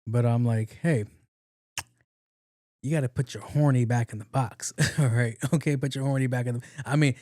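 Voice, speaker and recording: A middle-aged man, hosting a podcast and telling casual stories, profane and animated, laughing often. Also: medium pitch, normal speed, no room sound, clean studio sound. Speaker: podcast host. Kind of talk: casual storytelling monologue.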